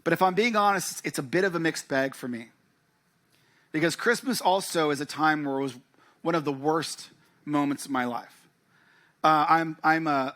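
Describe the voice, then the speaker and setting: A man's voice: fairly high pitch, bright, forceful tone. A man preaching a sermon, telling a personal story and acting out family dialogue. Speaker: pastor. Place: church.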